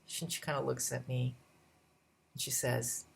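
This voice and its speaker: A woman vlogger telling a personal story in a casual, animated way, her voice jumping up when she acts out what people said. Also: measured pace, vocal fry. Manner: animated retelling with shifting pitch and pace.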